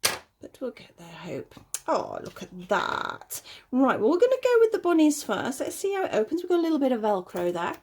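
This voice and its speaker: A woman's voice: high voice, wildly swooping pitch, moderate pace, a little mellow, breathy edge. A woman chatting casually at home as she unboxes little dolls, cooing over the tiny details. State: a bit out of breath. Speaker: doll collector unboxing dolls. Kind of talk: casual unboxing chat to camera.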